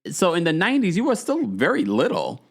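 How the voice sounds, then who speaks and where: A man's voice: high voice, a little fast. A man in his forties hosting a casual podcast, recapping reality TV in a chatty way and reading out viewers' comments. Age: 40s. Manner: animated and chatty, with frequent restarts and asides to viewers. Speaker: podcast host.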